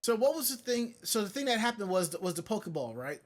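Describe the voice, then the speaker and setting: A man with a notably high-pitched voice talking loosely on a live-streamed show. He drifts from one tangent to the next and stops to read out chat messages, all in easy casual chat. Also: big pitch swings, fast talker. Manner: rambling, digressive, reads chat comments aloud. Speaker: podcast co-host.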